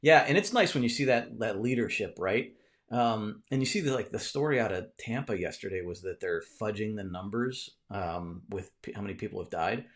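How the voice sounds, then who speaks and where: A man hosts a casual live stream from his home. His voice sits somewhat low, and he talks in a loose, rambling way, full of fillers and restarts, as he answers comments. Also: expressive, moderate pace. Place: cluttered home room mid-move.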